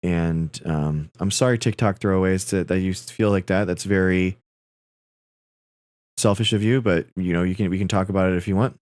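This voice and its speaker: A man's voice: deep voice, normal speed, darkish tone, no echo, clean studio sound. Man in his thirties telling rambling stories. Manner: rambling storytelling, addressing viewers as guys. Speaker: livestream host. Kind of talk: casual livestream chat.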